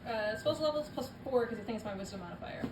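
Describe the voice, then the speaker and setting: A woman playing in a tabletop game, talking excitedly and cheering her rolls. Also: fairly high pitch, roomy sound, recorded from a distance, music in the background, rough recording. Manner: excitable, quick bursts of cheering. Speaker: player. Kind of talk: casual tabletop play.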